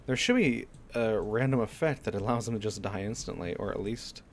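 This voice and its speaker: A man's voice: fairly low pitch, fairly quick, a little hiss or hum. A man streaming a game, talking to himself in casual commentary, frustrated and swearing often.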